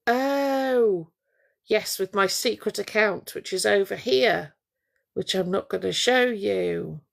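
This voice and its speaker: A woman's voice: mid-range voice, slow, vocal fry. A woman hosting a casual live stream, chatting to viewers in a gossipy, teasing way.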